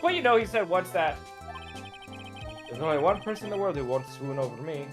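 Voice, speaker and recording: A woman's voice: sits low, sing-song, brisk, music in the background. Woman doing a gossipy, chummy male TV hunk. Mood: confiding. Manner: gossipy, chatty, exclamatory. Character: hairy gossip-loving male TV actor, chummy. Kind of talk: voicing game characters on a stream.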